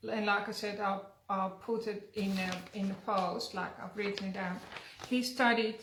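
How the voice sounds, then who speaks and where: A woman's voice: mid-range voice, steady tone, normal speed, fairly bright tone, a little hiss or hum. A woman hosting a casual health chat, talking loosely with fillers. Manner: chatty, uses fillers like "like" and "um". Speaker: wellness centre host. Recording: echoey room.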